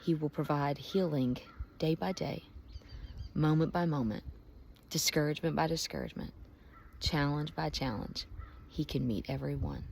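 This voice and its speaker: A woman speaks in a low, gravelly voice, close to tears as she shares a heartfelt devotional reflection. She often sinks to near whispers. Faint background noise sits under the recording. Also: animated, normal speed, darkish tone. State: emotional, close to crying. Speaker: Christian vlogger. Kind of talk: emotional devotional talk.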